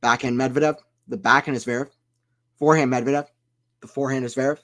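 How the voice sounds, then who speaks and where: A man giving casual play-by-play commentary on a tennis watchalong stream, chatting with viewers between points and getting loud on big shots. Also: medium pitch, fairly even intonation, fast. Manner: chatty, reads chat aloud between points.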